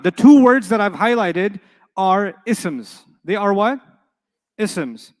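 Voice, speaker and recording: A man teaching an Arabic grammar class in a classroom, playful and animated, quizzing his students with quick questions. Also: sits high. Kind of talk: classroom lecture.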